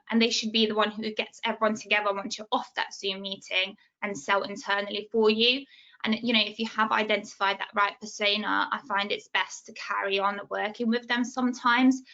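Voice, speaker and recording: A bright, slightly gravelly woman speaks with passion and a quick flow, short of breath as she goes. Her pitch stays fairly flat. It sounds like a muffled, lo-fi video call. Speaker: sales development rep, panelist. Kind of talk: casual panel discussion.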